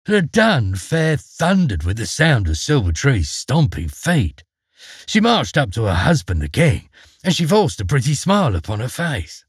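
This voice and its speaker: A man narrating a fairy tale with dramatic, expressive delivery. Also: mid-range voice, measured pace, breathy edge, no room sound, clean studio sound. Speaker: storyteller. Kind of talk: storybook narration.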